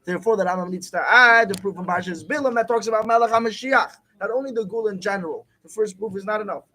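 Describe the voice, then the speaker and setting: High-voiced man teaching a Torah class. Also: fast, bright, forceful tone, poor audio. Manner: explains text, asks and answers his own questions.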